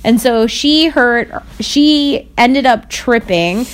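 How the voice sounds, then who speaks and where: A young woman with a slightly high voice, chatting casually on a podcast. She tells her stories in an animated way and acts out what other people said along the way. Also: slow pace, clean tone. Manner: animated storyteller who acts out others' lines. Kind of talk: casual chat.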